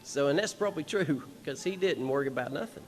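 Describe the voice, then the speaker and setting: A man with a lilt tells a family story from a concert stage through a microphone. His voice sits a little high for a man, and he rambles warmly and chuckles now and then. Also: lively intonation, quick pace, soft background music. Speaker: son of the honored musician, speaking at a tribute show. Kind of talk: personal stage speech.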